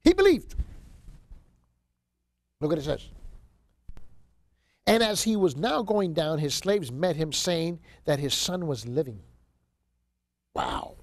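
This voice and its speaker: A man's voice: a little high, animated, unhurried, long pauses, no room sound. A man giving a seminary Bible lecture, reading scripture aloud and stressing key words with repeated rhetorical questions to the class.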